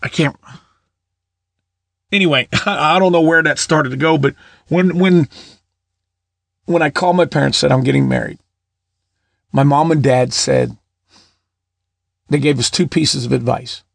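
A man's voice: fairly high pitch, unhurried, gravelly, long pauses, no echo, studio quality. A middle-aged man preaching in a casual storytelling way, often repeating his words. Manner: warm anecdotal, repeats words, laughs at own stories.

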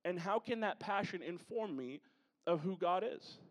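A man's voice: sits high, lively intonation, normal speed. A man preaching a conversational sermon to his congregation, with joking asides. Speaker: pastor. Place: church sanctuary. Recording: long hall reverb.

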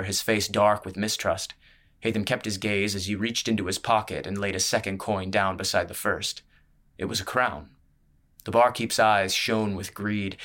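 A man narrating a scripted audiobook in a measured, steady storytelling manner. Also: on the low side.

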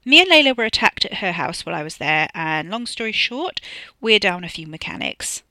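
A narrator voicing a forceful, bossy young woman in an audiobook, speaking loudly and emphatically. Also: very animated, fairly quick, dry recording, full character voice. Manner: loud and emphatic, raised pitch. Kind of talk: audiobook character voice.

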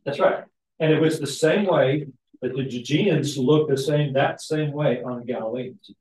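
A man teaching a Sunday school class in a conversational way, often checking in with the group with tag questions and lively asides. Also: a little high, moderate pace, slight background noise. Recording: echoey room, mic at a distance.

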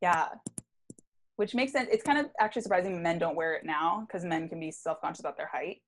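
A woman's voice: fairly low pitch, a little fast. A woman co-hosting a podcast in casual chat, chatty and full of fillers. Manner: chatty, uses many fillers, laughs easily. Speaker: podcast co-host.

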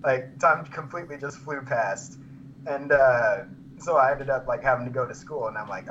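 Young man, relaxed casual chat, mid-pitched voice. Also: normal speed. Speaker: podcast guest. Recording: dull, slightly noisy mic.

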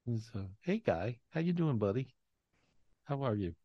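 A man's voice: mid-range voice, big pitch swings, normal speed, muffled recording, a little hiss or hum. A man hosting a live video call, talking emotionally with repeated words and casual swearing. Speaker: host.

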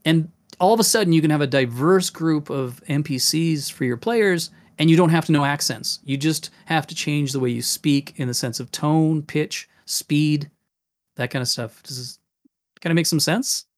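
Casual podcast host, game master, animated, slightly high voice. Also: male voice, moderate pace. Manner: animated, demonstrative, jumps into voices.

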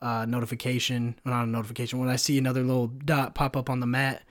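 A man hosts a casual solo podcast and rants through a story from his work shift. He swears often and fills his talk with fillers. His pitch sits right in the middle. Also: monotone, quick pace. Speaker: podcast host.

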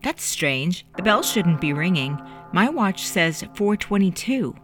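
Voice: medium pitch, very animated, a little slow, a bit bright, faint music behind, pitched above the performer's own voice. A narrator voicing a proud, curious teenage boy who asks defensive, disbelieving questions in an audiobook. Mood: questioning. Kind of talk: audiobook character voice.

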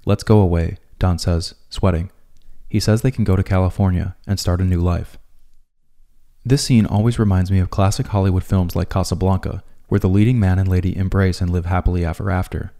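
A man narrating a scripted video essay in a calm, measured way. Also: low voice, gravelly.

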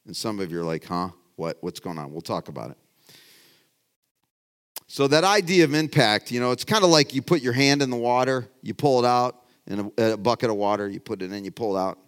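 A middle-aged man preaching a casual, conversational sermon as a pastor. He talks in a folksy, rambling way, restarting his sentences and moving between loud emphasis and quiet asides. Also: medium pitch, animated, fairly quick, smooth.

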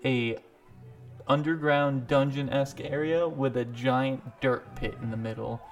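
A man's voice: medium pitch, fairly even intonation, a little slow, lo-fi sound, soft background music. A man running a tabletop game as game master, narrating loosely with frequent laughs.

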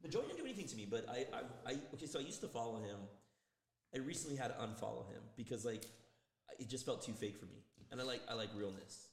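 A man talks fast and bluntly, cursing freely as he tells animated stories. He sounds like a podcast co-host in a room with a long, echoey reverb. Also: mid-range voice, vocal fry, slight background noise. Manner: blunt, swears constantly, animated storytelling. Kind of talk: casual profane chat.

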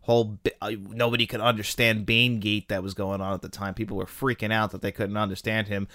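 Chatty low-voiced man ranking films. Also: fairly quick, no room sound, studio quality. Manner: chatty, opinionated, jumps in pitch when excited. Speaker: podcast host. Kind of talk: casual film-ranking commentary.

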